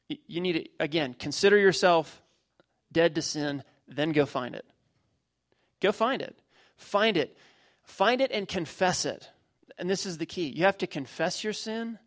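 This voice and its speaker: A middle-aged man preaches with a voice pitched a little high. He drives points home by repeating short phrases and leaning on homely illustrations. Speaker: pastor. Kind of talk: sermon.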